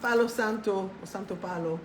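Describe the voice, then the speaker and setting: A woman hosting a live spiritual talk, chatty and animated, swearing casually and laughing at herself. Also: medium pitch, a little fast, heavy background noise. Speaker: spiritual coach and live show host.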